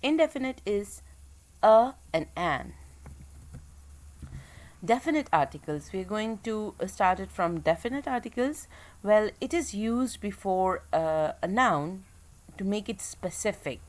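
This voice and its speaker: A woman teacher giving a recorded English grammar lecture, explaining step by step with frequent pauses and fillers. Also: medium pitch, expressive. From Pakistan.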